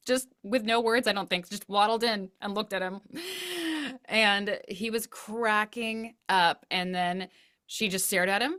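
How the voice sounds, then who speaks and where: A woman who is a parenting educator and a guest, chatting casually, telling lively stories with frequent laughs. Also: mid-range voice, normal speed. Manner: animated storytelling, laughs often, acts out voices. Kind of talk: casual interview chat.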